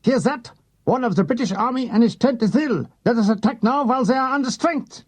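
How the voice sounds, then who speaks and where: A man's voice: extremely high pitch, fairly quick, pitched above the performer's own voice. A man voicing a pompous dictator in a comic audiobook, delivering a mock-solemn war directive. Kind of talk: audiobook character voice.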